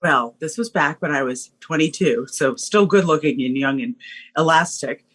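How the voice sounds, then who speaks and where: A woman guest telling a story in a casual, animated way, laughing often and using lots of fillers. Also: sits low, moderate pace.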